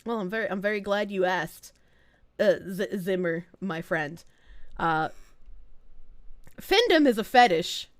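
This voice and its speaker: A woman's voice: medium pitch, animated, unhurried, pauses often, no room sound. A woman streamer chatting casually and rambling on a live stream, laughing often between lines.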